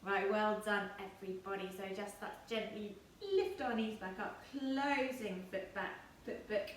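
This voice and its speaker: A woman's voice: mid-range voice, fairly even intonation, a little slow. Cheerful woman guiding kids' yoga, echoey room. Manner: gentle, encouraging, playful instructions. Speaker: yoga teacher. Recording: echoey room, distant mic, faint noise.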